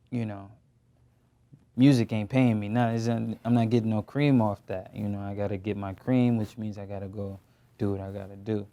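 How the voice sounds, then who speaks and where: A young man in his twenties, an actor talking casually in a studio interview, loose and slangy with lots of fillers. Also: lowish voice. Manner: relaxed, slangy, many fillers. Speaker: actor guest.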